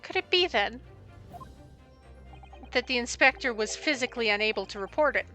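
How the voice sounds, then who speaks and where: A woman voicing an earnest young male defense lawyer who reasons deliberately. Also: fairly high pitch, lively intonation, pushed and bright, faint music behind, rough recording.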